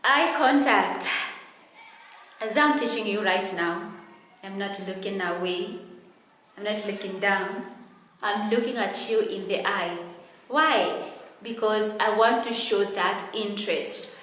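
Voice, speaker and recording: A woman with a Kenyan accent teaching English literature, explaining slowly and deliberately in a classroom lecture. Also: mid-range voice, fairly bright tone, a little hiss or hum. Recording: echoey classroom with long reverb.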